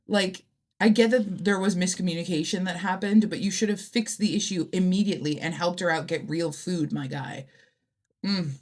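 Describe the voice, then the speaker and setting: A woman hosts a casual reaction talk and gives each story a blunt, heated verdict. Her voice sits a little low for a woman. She talks straight at the people in the stories and gets worked up, then reins herself in. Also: normal speed. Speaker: host reacting to online stories.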